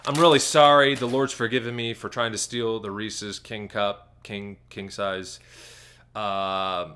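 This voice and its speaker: A man's voice: little pitch movement, measured pace, pushed and bright, smooth. A man voicing a flustered, guilty kid caught hiding something, stammering and playing innocent. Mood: sheepish. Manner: high, stammering, fake-innocent.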